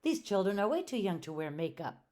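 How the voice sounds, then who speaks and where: A woman reading aloud and voicing a cheerful, literal-minded female housekeeper in a storybook, with a brighter, eager, earnest delivery. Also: medium pitch, big pitch swings, fairly quick, voice pushed up, close to an everyday voice.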